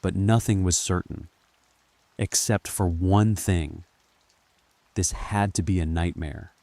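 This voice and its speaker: A man narrating a scripted horror story in a calm, measured first-person telling. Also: deep voice, no echo.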